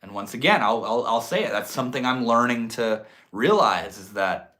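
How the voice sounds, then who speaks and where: A young man hosting a livestream, talking in a reflective, drawn-out way and swearing casually. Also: mid-range voice, lively intonation, sharp tone. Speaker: livestream host.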